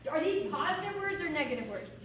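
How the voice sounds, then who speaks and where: A woman who works as a theater and vocal coach, giving an animated, encouraging talk to a group of kids and often asking them questions. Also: sits high, quick pace. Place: room full of kids, heard from far off. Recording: echoey room, distant mic, background noise.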